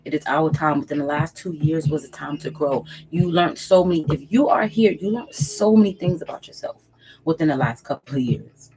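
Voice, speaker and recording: A woman's voice: low voice, normal speed, darkish tone, faint music behind, rough recording. A woman reading tarot on her channel, giving emphatic, preachy spiritual advice straight to camera, repeating phrases for weight and swearing casually. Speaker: tarot reader and channel host.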